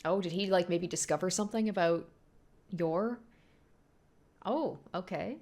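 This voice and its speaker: A woman's voice: on the low side, unhurried. A woman hosting a casual anime reaction, chatting along, often laughing and quoting the characters. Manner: chatty, animated, lots of "like" and laughter.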